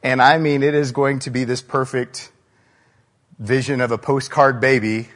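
In a large church hall, a pastor preaches with a voice that trails into long reverb, telling stories casually and posing rhetorical questions to listeners. His pitch is mid-range for a man, and his delivery is flat, at normal speed, and slightly bright.

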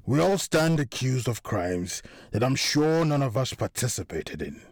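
Keep it deep and firm, a gangster standing his ground, in a man's reading. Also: sing-song, measured pace, dry recording, clean studio sound. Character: deep-voiced male gang member, firm, defensive.

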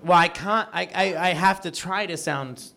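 A man with an Australian accent, softened toward American, co-hosting a casual podcast with camp, theatrical storytelling. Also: sits high, normal speed. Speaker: podcast co-host.

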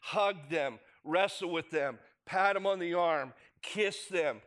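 A man's voice: on the high side, slow pace, fairly bright tone. A middle-aged man preaching a sermon in a conversational way, asking the congregation rhetorical questions. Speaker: pastor.

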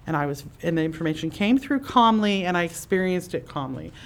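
A woman host explaining ideas casually to a live audience in a conference room. She talks in a chatty way and acts out inner voices with lively jumps in pitch. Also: brisk, few pauses. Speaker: podcast host and psychic teacher.

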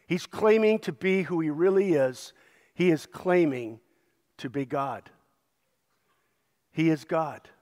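Slow, reverberant preaching man. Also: sits high, expressive, a little mellow. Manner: emphatic, repetitive preaching cadence. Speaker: pastor. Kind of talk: sermon.

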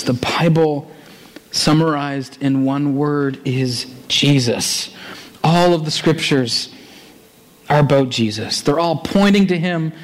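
Preacher, male, fairly high voice, animated delivery of a sermon with scripture reading. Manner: animated, switches between fast asides and slow, stressed phrases.

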